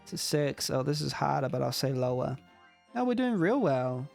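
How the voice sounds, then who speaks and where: A man's voice: medium pitch, big pitch swings, moderate pace, vocal fry, a little mellow. Man, game jam judge, casual let's-play commentary, reacts aloud to his guesses, faint music behind.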